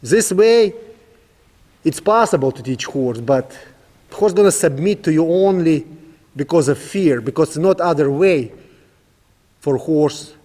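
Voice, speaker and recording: A horsemanship trainer, a man with a slightly high voice, walks students through his method with patient repetition. His carries a phrasing, and long reverb trails behind his words. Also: animated, a little slow, pauses often, dark tone. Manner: repetitive, instructive, non-native phrasing. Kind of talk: outdoor training demonstration. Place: outdoors with a horse.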